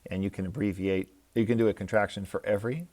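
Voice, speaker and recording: Man, teacher, lowish voice, patient step-by-step explaining. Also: steady tone, quick pace, darkish tone. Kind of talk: recorded classroom lecture.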